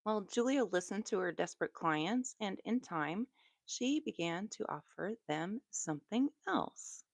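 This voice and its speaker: A woman with a Southern American accent telling true crime stories on a live stream in a relaxed, chatty way, with asides. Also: medium pitch, a little slow, gravelly, no room sound. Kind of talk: live storytelling.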